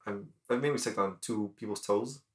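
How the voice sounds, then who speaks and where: A man co-hosting a podcast, cracking dry, teasing deadpan jokes in casual banter. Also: lowish voice, moderate pace. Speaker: podcast co-host.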